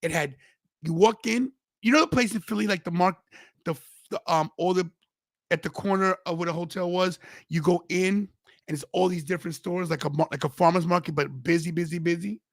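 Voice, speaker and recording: Gravelly rambling male podcast host. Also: high voice, a little fast, no room sound. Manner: rambling storyteller with many restarts. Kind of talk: casual chat.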